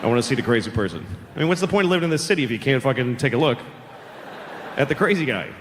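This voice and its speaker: Animated male comedian in a big hall. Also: mid-range voice, racing. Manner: profane, rambling, conversational storytelling. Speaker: stand-up comedian. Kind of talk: stand-up comedy set. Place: large theater stage. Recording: long hall reverb with audience noise.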